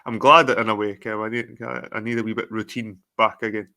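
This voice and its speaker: A Scottish man in his thirties, co-hosting a casual podcast chat, telling lively stories and mimicking people. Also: brisk. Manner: animated, swearing, mimics people with high voices. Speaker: podcast co-host.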